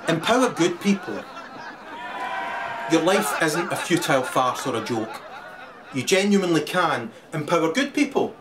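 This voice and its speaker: A man delivering a profane ranting monologue, often laughing and shouting. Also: fairly high pitch, very animated, normal speed, long pauses. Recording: distant mic with crowd chatter and noise.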